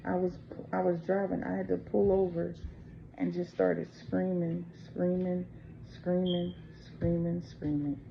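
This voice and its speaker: A woman from the United States speaks slowly with a gravelly, creaky edge, telling her own story straight to camera. Her telling is unscripted and full of fillers. The recording is dull and lo-fi, with a faint hiss behind her. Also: on the low side, steady tone. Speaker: channel host. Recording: dull lo-fi with faint background noise.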